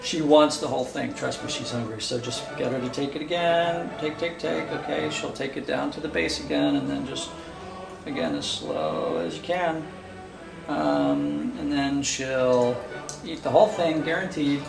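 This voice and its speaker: Gravelly man explaining casually, echoey room. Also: on the high side, lively intonation, moderate pace, over music. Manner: rambling with many fillers and restarts. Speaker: pet squirrel caretaker. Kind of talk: casual how-to demonstration.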